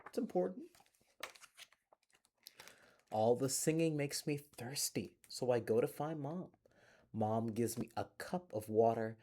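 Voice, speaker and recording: A man reading a bedtime picture book aloud to children in a gentle, playful storyteller voice, recorded on a phone in a closed library. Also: mid-range voice.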